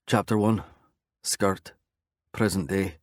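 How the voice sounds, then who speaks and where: A man narrating a romance audiobook in the first person, in a steady, conversational storytelling manner. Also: low voice, slow, no room sound, clean studio sound.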